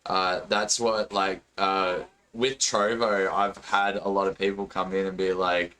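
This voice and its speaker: A man's voice: deep voice, level tone, unhurried, pushed and bright, clean tone. An Australian man hosting a podcast, talking casually with lots of fillers and the odd swear word. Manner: rambling, filler-heavy, swears freely. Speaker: podcast host and streamer. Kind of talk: casual chat.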